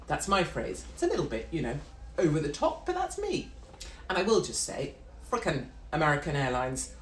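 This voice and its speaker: A woman's voice: low voice, slight background noise. A middle-aged British woman delivering a brash, sweary, sarcastic live-stream rant. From Britain. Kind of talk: ranting live-stream monologue. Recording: roomy echo.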